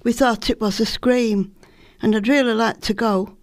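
A woman's voice: on the high side, steady tone, normal speed, a little mellow. A woman from Salford with a Lancashire accent, reading her own poems in a homely storytelling manner. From Salford, England. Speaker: poet. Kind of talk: poetry reading.

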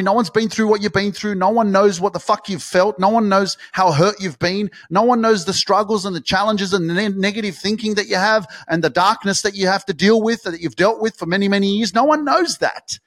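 A man's voice: high voice, a bit bright, no echo, studio quality. Intense, swearing motivational man. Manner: intense, swearing, repetitive, pep-talk emphasis. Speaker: podcast host. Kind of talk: motivational monologue.

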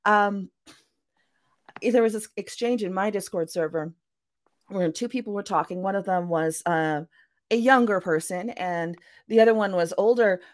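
A woman's voice: mid-range voice, normal speed. A woman author being interviewed on a podcast, talking casually and acting out little quoted voices as she explains her point. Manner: chatty, acts out quoted voices. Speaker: author guest.

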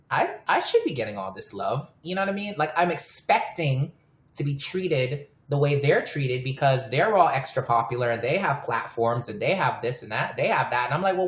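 Low-voiced woman chatting candidly. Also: reverberant. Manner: candid, storytelling, swears freely. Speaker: podcast host. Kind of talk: casual podcast chat.

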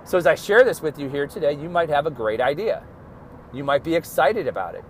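A man's voice: a little high, expressive, a little fast, slight background noise. A man hosting a motivational podcast as a success coach, talking emphatically and calling his listeners folks.

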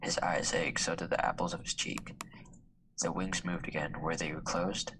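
A man reading a story aloud in a hushed, half-whispered way. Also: deep voice, level tone, moderate pace, noisy background. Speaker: student reader.

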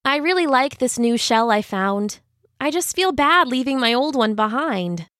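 An anxious, plaintive little male hermit crab from a children's storybook, as a woman gives him voice, his questions pitched up high. The recording is dry and close. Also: animated, normal speed, a bit bright, no echo. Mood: wistful. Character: young male hermit crab, worried and unsure. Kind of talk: storybook reading.

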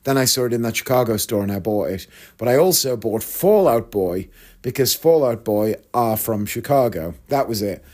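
A man's voice: medium pitch, animated, normal speed, a little mellow. A man, a magician, chatting through a casual story and acting out his punchlines. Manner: chatty, self-deprecating, acts out punchlines.

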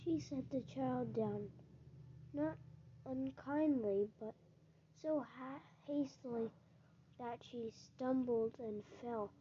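A woman reads a children's book aloud in a gentle storytelling manner, now and then stumbling over a word and restarting it. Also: sits high, slow pace, slight background noise. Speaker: narrator. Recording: dull lo-fi recording.

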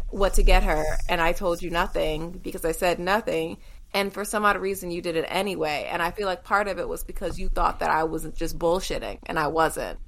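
Blunt, emphatic woman podcast co-host. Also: lowish voice. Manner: blunt, emphatic, swears freely. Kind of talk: casual chat.

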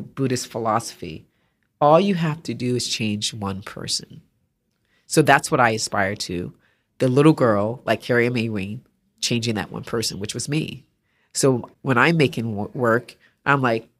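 A woman artist, a podcast guest, telling stories in conversation and acting out the voices of people she quotes. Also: a bass voice. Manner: animated storyteller, acts out quoted voices. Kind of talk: interview conversation.

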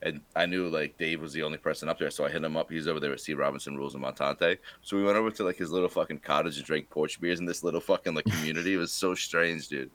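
A man's voice: a bass voice, steady tone, fast talker, hardly any pauses, fairly bright tone, no room sound. A man from Rhode Island, a podcast co-host, telling a profane, rambling story in casual chat.

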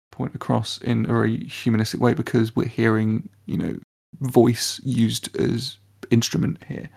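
A man's voice: on the low side, vocal fry, a little mellow, slightly rough. A man co-hosting a film podcast, reviewing a score in casual chat with many restarts. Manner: hesitant, many restarts and fillers. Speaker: podcast co-host.

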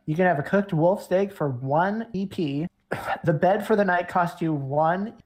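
A woman game master with a slightly low voice narrates a tabletop session casually. She rambles and fills pauses with "uh" and "um" as she goes. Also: darkish tone. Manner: rambling, laughing, many fillers.

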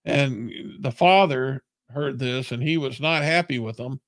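A man's voice: medium pitch, a little slow, no room sound. A man preaching a sermon in an earnest, plain-spoken way.

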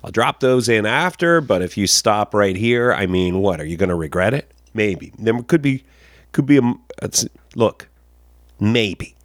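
A man's voice: on the low side, animated, unhurried, no room sound, clean studio sound. A man hosting a podcast in a casual, joking style with rambling asides. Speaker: podcast host.

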